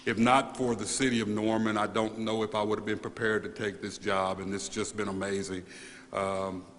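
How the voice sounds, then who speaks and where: Halting, earnest man in an echoing hall. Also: on the low side, level tone, fairly bright tone. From United States. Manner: halting, repeats words, earnest. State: choked up with emotion. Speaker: new police chief. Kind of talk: emotional acceptance speech at press conference. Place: large hall at a press event. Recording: reverberant hall, faint room noise.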